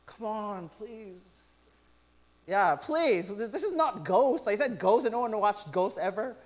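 A middle-aged male pastor preaching a sermon, telling stories with lively quoted asides. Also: high-pitched, takes it slowly. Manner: animated storytelling with quoted asides.

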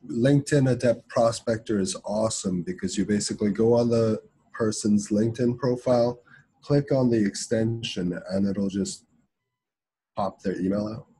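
A man's voice: on the low side, steady tone, moderate pace, mellow, breathy edge, rough recording. A man co-hosting a webinar over a video call, chipping in short tips with hesitant fillers. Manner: hesitant, adds brief tips. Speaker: webinar co-host. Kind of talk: casual webinar chat.

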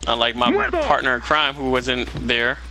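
A man's voice: medium pitch, wildly swooping pitch, normal speed, pushed and bright, poor audio. A young man giving live gameplay commentary, ranting and swearing in exasperation at his teammate. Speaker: gamer.

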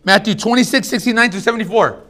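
A man preaching a sermon as pastor, casual and animated, swinging between loud bursts and hushed asides. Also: high voice, fast.

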